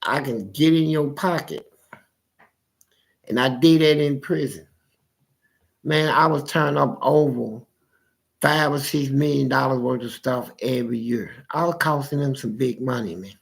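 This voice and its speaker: A man's voice: mid-range voice, a little slow, vocal fry, pauses often. A man in casual conversation, animatedly telling stories from his life and acting out his family's voices. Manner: animated storyteller who acts out family voices. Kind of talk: casual storytelling chat.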